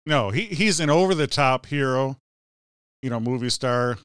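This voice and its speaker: A man with a smooth, clear voice trading lively movie opinions, loose and full of "you know". The sound is dry and close, with no room in it. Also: mid-range voice, normal speed, no echo. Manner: animated, peppers talk with "you know". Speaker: podcast co-host. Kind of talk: casual movie chat.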